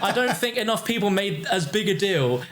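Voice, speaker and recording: A man's voice: high-pitched, expressive, moderate pace, fairly bright tone. A man from England hosting the show, chiming in eagerly and laughing along with his guest. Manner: enthusiastic, chimes in and laughs along. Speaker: YouTube host. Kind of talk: casual interview chat. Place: room at his home.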